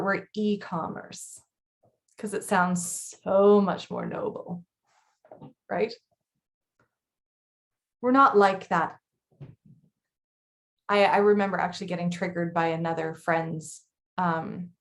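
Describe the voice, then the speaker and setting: A woman in her thirties co-hosting a casual chat, blunt and chatty with quick laughs. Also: mid-range voice, animated. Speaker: podcast co-host.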